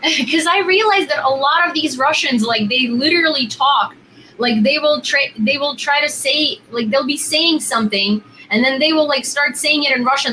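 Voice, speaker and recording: Bright, chatty young woman vlogger. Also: high-pitched, a little hiss or hum, rough recording. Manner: chatty, rambling, full of "like" and repeats. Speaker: video chat vlogger. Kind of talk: casual vlog chat.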